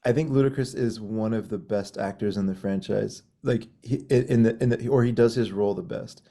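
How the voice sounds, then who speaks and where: Low mellow-voiced podcast co-host man. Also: fairly quick, vocal fry. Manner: hesitant, lots of ums and restarts. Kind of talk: casual film discussion.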